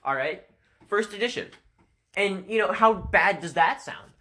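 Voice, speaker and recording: A man's voice: high voice, lively intonation, a little slow, sharp tone. A man hosting a casual podcast, rambling and joking around with plenty of goofy asides. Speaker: podcast host.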